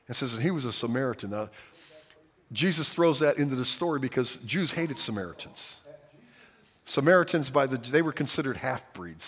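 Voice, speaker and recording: A man preaching a sermon as pastor, swinging from hushed lines to loud, dramatic outbursts. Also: medium pitch, breathy edge. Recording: long hall reverb.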